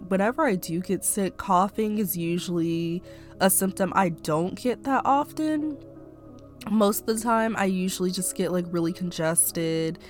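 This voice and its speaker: A young woman hosting her own podcast, rambling casually with lots of fillers while still a bit stuffy-nosed from a cold. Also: on the low side. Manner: rambling, chatty, many fillers like "um" and "like". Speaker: podcast host. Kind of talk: casual personal podcast monologue.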